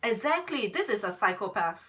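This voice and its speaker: Bright-voiced woman, emphatic casual chat. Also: medium pitch, very animated, a little fast, far from the mic, rough recording. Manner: emphatic, repeats herself. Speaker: tarot reader. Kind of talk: casual live-stream chat.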